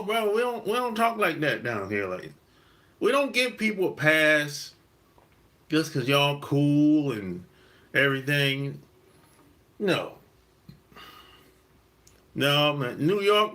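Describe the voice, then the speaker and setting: Man, podcast host, casual monologue, slow delivery, bright tone. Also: a little high. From South Carolina, USA. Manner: emphatic storytelling, drawn-out stresses, blunt cursing.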